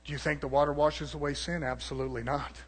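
A man preaching a sermon, swinging from low murmurs to shouted declarations and calling out to the congregation for responses. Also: steady tone, fast talker, slightly rough.

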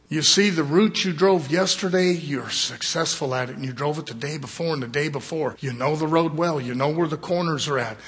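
A man's voice: a little high, fairly bright tone, breathy edge. A man preaching a sermon in a folksy, fervent style, reading scripture aloud and acting out little scenes.

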